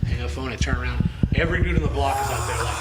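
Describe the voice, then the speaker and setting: A man's voice: medium pitch, rapid-fire, heavy background noise. A man, a podcast guest who tells a long story casually, swearing freely and acting out what people said. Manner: animated, profane storytelling with acted-out quotes. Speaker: podcast guest, hardcore singer.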